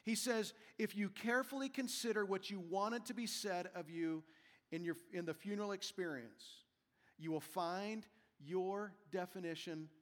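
High-pitched guy preaching, earnest and emphatic, big echoey church. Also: a bit bright. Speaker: senior pastor. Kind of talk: sermon. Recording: long hall reverb.

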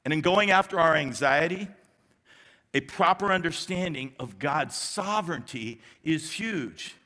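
Bright-voiced male pastor in echoing hall. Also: a little high, expressive, measured pace. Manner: conversational preaching with emphatic repetition and light humor. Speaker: executive pastor. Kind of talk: sermon. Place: large church sanctuary. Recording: long reverb of a large church hall.

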